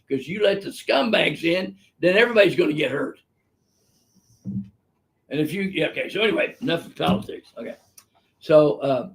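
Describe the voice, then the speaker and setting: A man's voice: on the high side, gravelly. An older man, a physician hosting a live webinar, telling stories in a blunt, emphatic, opinionated way. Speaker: physician host answering viewer questions. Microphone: live webinar microphone.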